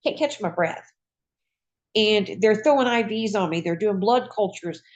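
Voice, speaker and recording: A woman, a retired nurse, telling her own patient story in a lively, folksy conversational way. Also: medium pitch, unhurried. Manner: lively, acts out voices in quoted dialogue. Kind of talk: personal storytelling.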